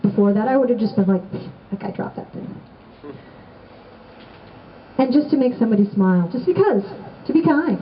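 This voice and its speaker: A middle-aged woman giving a heartfelt remembrance speech to a gathered audience, storytelling with gentle humor. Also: fairly high pitch, highs cut off. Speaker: assistant band director giving a remembrance talk. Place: indoors on the steps of a renovated old building.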